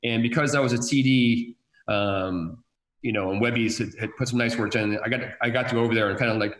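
A man's voice: medium pitch, fairly even intonation, a little fast, reverberant, rough recording. A man telling stories from his career in sports television, rambling with many repeated words and fillers. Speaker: guest, sports TV director. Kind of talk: casual chat.

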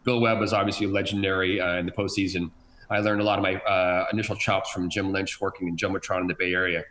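A man's voice: low-pitched, level tone, fast talker, fairly bright tone, reverberant, slight background noise, rough recording. A man telling stories from his career in sports television, rambling with many repeated words and fillers. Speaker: guest, sports TV director. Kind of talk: casual chat.

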